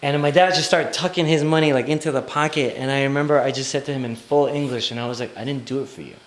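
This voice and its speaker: A young man telling a comic personal story live on stage, animated and often laughing as he talks. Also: fairly high pitch, fast, roomy sound, slight background noise. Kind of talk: live storytelling before an audience. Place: stage before a live audience.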